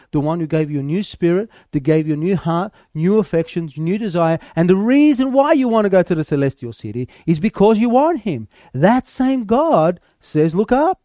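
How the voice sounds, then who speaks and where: A man's voice: high voice, dark tone, dry recording, clean studio sound. A male preacher delivering a sermon, emphatic and repetitive, building force on key phrases.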